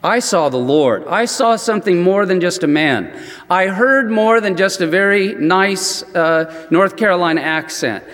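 High-voiced man preaching in a big hall. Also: measured pace. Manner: chatty, animated, many "you know" asides. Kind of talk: storytelling sermon. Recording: long reverb in a large hall.

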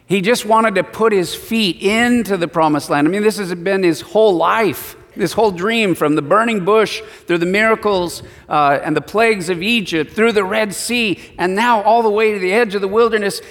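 A man's voice: high voice, moderate pace, hardly any pauses, fairly bright tone. A man preaching a sermon, reading scripture and retelling it in a casual storytelling way, heard with a long hall reverb. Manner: conversational storytelling with acted quotes.

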